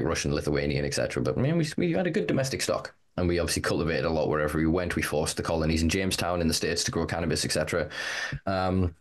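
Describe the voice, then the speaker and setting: Brief: low-voiced campaigner, passionate, rallying, profane. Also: male voice. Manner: fervent, rallying, swears freely. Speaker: guest, cannabis rights campaigner. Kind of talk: passionate podcast talk.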